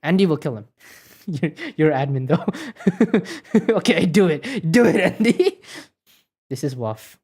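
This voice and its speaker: A woman's voice: on the low side, lively intonation, takes it slowly, darkish tone. A woman streamer chatting casually and teasing her chat while playing a game. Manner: teasing, joking with chat, laughing.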